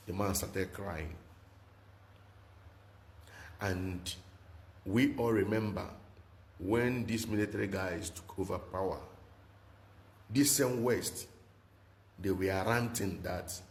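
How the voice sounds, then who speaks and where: A man delivers political commentary like a sermon, pressing the same rhetorical questions again and again. His voice sits very low. The recording is roomy and echoey, with a faint hiss of noise underneath. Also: measured pace, pauses often. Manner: repetitive, emphatic, rhetorical questions. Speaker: commentary channel host. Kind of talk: preaching-style political commentary.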